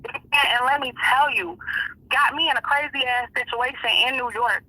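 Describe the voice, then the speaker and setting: A woman guest tells her story in a fiery, profane rush, slipping into the voices of the people she quotes. Her voice is piercingly bright with a husky grain. The sound is close and dry. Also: high-pitched, steady tone, normal speed, dry recording, rough recording. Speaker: interview guest. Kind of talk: casual storytelling.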